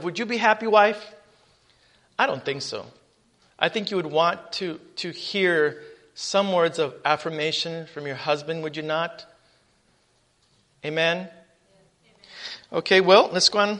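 A man preaching a sermon, reading scripture aloud with emphasis and calling out questions to the congregation. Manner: emphatic preaching, rising loud on scripture, dropping low on asides.

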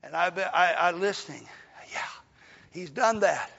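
An older preacher with a very high, gravelly voice that has a bright, sharp edge. He preaches in a folksy way, swelling into shouts and falling back to a soft hush. He is heard on a dull, lo-fi recording with long reverb from the hall. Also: lively intonation, unhurried. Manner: folksy, rising to shouts then dropping soft. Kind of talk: sermon.

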